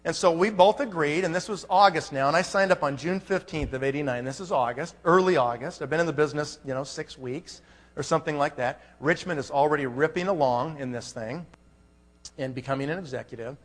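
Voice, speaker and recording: A man's voice: fairly high pitch, brisk. Man telling a story in a big hall. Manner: storytelling, acting out both sides of a phone call. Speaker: conference speaker. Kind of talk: motivational conference talk. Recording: long hall reverb.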